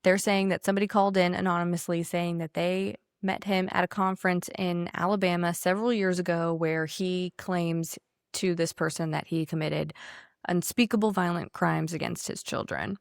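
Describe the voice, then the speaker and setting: A woman with a slightly low voice talks through the news as a podcast co-host, sharp and sarcastic, swearing freely as she rants. The sound is dry and close to the mic, with no room around it. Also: fairly even intonation, normal speed, clean tone, no room sound. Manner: blunt, profane, sarcastic ranting. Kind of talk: casual political chat.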